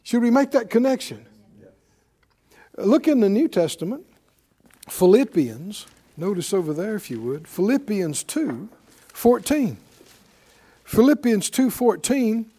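High lively preacher guy, mellow tone, gets folks repeating words back at him. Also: unhurried, husky. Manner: animated preaching, reading scripture aloud with rising emphasis; leads call-and-response with the congregation. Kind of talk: sermon.

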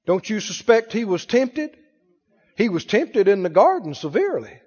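A man's voice: high-pitched, big pitch swings, normal speed, darkish tone, husky, long reverb tail, highs cut off. A man preaching a fervent sermon and drawing call-and-response from his congregation.

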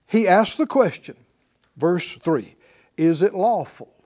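A man's voice: sits high, slow pace. A man preaching a sermon, calling out to his congregation for responses. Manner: animated, calls for responses from the congregation.

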